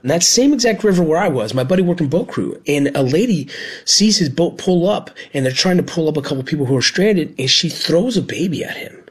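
A former Border Patrol agent and medic, a man speaking earnestly about his past work, halting at times with restarts. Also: fairly high pitch, animated, husky. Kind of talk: personal storytelling.

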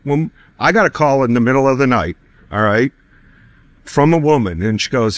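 A man's voice: mid-range voice, lively intonation, moderate pace, a bit bright, no room sound. A middle-aged man telling a personal faith story, acting out quoted dialogue with bursts of laughter. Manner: laughs between lines.

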